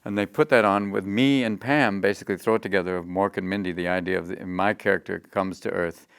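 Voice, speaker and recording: A middle-aged man being interviewed, telling animated stories and jumping into quick voices. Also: sits low, clear, resonant tone, dry recording, clean studio sound. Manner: animated, slips into quick character voices mid-story. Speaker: interview guest, comedian. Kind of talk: anecdotal interview storytelling.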